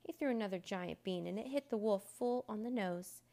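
A woman reading a children's book aloud in a measured storytelling manner. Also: mid-range voice, mellow. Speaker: narrator.

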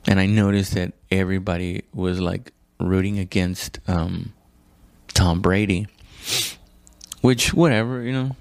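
A man, an immigrant to the United States, telling a rambling, profane, self-mocking comedy story and acting out quotes in a high voice. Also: fairly even intonation, a little slow, gravelly, no room sound. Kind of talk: casual storytelling stand-up.

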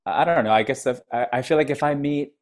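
A man chatting casually as a podcast co-host, holding the mic right up to his mouth. He talks in halting bits, restarting and correcting himself as he goes, and slips in small laughs. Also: mid-range voice. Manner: halting, self-correcting, giggly. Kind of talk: casual group chat. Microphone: handheld mic held to mouth.

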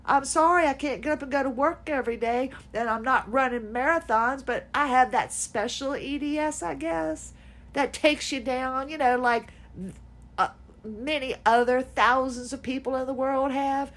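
A woman's voice: sits high, normal speed, a bit bright. A woman podcast host telling a story in an exasperated, sarcastic way, with laughs mixed in. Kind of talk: casual personal venting monologue.

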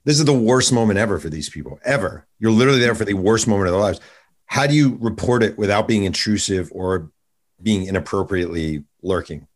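A man hosting an interview, eagerly stacking rapid follow-up questions. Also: on the low side. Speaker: podcast host, interviewer. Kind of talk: conversational interview.

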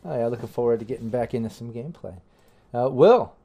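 A man's voice: medium pitch, quick pace, a crowd in the background. A man hosting a live tabletop game stream as game master, upbeat and rambling with lots of fillers. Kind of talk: casual livestream chat.

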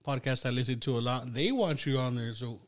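A man's voice: medium pitch, fairly quick. A man hosting a podcast, chatting casually, teasing his guest and swearing often. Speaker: podcast host. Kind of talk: casual chat.

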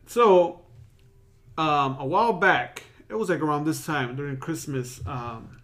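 A man's voice: fairly high pitch, a little slow, a bit bright. A man telling a long story in casual podcast chat, rambling, slangy and full of swearing.

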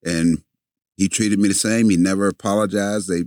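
A man guesting in a conversation, telling a story in an animated way, repeating words as he goes and acting out the lines of the people in it. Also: deep voice, moderate pace, dry recording, clean studio sound. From a city, with family in the American South.

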